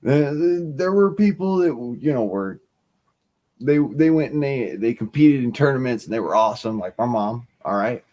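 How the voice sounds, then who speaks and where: A man telling a profane, animated bar story on his stream. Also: medium pitch, moderate pace. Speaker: stream host. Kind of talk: casual storytelling.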